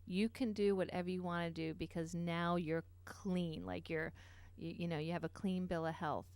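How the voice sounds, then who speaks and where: Middle-aged woman TV nutrition host, earnest storyteller, slightly low pitch, dry studio sound. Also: moderate pace, darkish tone, clean tone, dry recording. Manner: earnest, many fillers and asides. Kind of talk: personal story and health talk.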